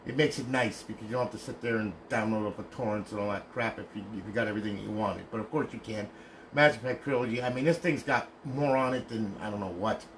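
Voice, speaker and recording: A man's voice: on the low side, quick pace, slight background noise. A man selling and demonstrating modded consoles on a casual livestream, talking bluntly, ranting, and asking "okay?" after nearly every point. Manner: swears casually.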